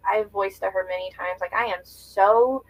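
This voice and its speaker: A young woman guest on a podcast, talking candidly about friendship with expressive, emotional delivery and lots of "like". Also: medium pitch, moderate pace, breathy edge, poor audio. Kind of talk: candid conversational storytelling.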